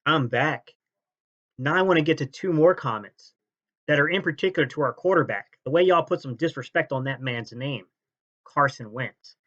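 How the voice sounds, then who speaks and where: A man hosting a sports fan channel, ranting and mocking rival fans' comments, jumping between loud jabs and low sneers. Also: normal speed, highs cut off. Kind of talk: fan reaction rant.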